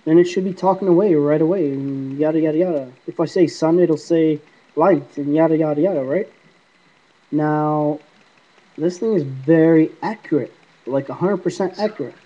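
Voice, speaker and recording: A man's voice: a little high, moderate pace. Rambling man on a dull lo-fi recording. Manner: rambling, talks back to unseen spirits. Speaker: paranormal app vlogger. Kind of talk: casual rambling monologue to camera. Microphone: iPod camera mic.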